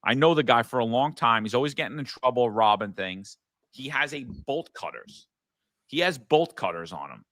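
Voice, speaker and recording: A man's voice: medium pitch, lively intonation, moderate pace, a bit bright, dry recording. A man, a former police sergeant co-hosting a podcast, telling blunt, profane stories in casual political talk. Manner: blunt, profane, emphatic storyteller. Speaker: podcast co-host.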